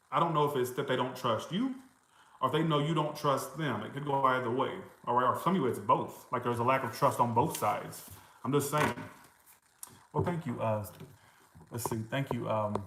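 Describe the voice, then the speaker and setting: A man's voice: medium pitch, normal speed, reverberant, background noise. A man giving a casual tarot reading, chatting to viewers, reacting to comments, swearing and laughing now and then. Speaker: tarot reader.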